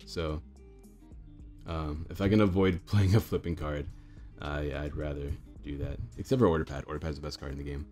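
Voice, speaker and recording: A young man with a hoarse, groggy voice, chatting casually while commentating a card game he is playing. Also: extremely low pitch, fairly even intonation, normal speed, a little mellow, faint music behind. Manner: chatty, thinks aloud with fillers.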